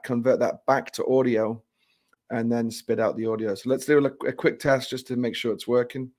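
A man giving a casual, joking product demo, relaxed and restarting phrases as he goes. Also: medium pitch. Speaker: company presenter.

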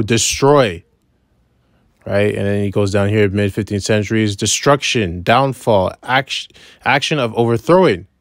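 A man giving an informal scripture lesson, reading verses slowly and then explaining them in casual talk, checking in with "right?" after nearly every point. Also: medium pitch, dry recording, clean studio sound. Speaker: bible teacher.

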